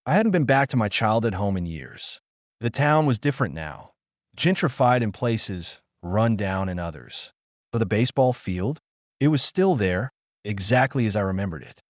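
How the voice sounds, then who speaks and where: A middle-aged man telling a scripted first-person story, low-voiced and measured yet expressive in pitch. He is recorded close and dry, with no room sound around him. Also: dry recording. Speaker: narrator.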